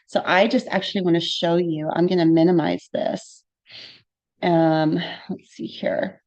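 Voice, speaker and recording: A woman's voice: lowish voice, steady tone, measured pace, darkish tone, lo-fi sound. A woman presenting a live-streamed safety training, speaking in an earnest, warning way with fillers and asides. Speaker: trainer giving a free online safety session.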